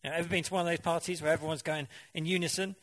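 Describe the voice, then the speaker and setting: A man's voice: a little high, fairly even intonation, racing, a bit bright. A man preaching a sermon in a conversational way, often asking the congregation questions and now and then mimicking voices for effect.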